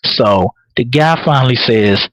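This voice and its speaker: A man's voice: mid-range voice, a little slow, dry recording, rough recording. A man hosting a live podcast, recapping a TV episode in casual, profane storytelling, repeating words as he builds each point. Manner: animated, repeats words while building a point, laughs often.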